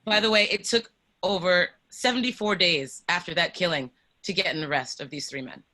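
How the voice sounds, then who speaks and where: Bright-voiced earnest online presenter. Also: medium pitch, moderate pace. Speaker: presenter on a panel. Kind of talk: reading a timeline to an online group.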